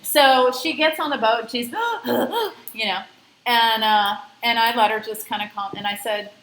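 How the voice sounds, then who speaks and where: A woman's voice: on the high side, steady tone, normal speed, fairly bright tone, roomy sound, low-quality recording. A woman scuba instructor lecturing a class, telling a personal story in a conversational way and stressing safety. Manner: conversational, emphatic about safety.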